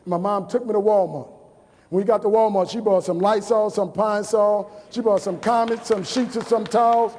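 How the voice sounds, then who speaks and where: A high-pitched man in his forties from New Orleans gives a motivational speech to college students. He tells personal stories and repeats key lines for emphasis. His voice rings out with a long echo through a large hall. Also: fairly even intonation, a little fast, darkish tone, slight background noise. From New Orleans, USA. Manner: storytelling with emphatic repetition. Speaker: motivational speaker.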